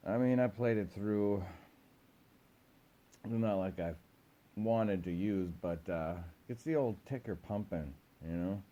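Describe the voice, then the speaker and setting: A man hosting a casual interview, relaxed and prompting his guest. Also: fairly low pitch, slow pace, pauses often, muffled recording. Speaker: host.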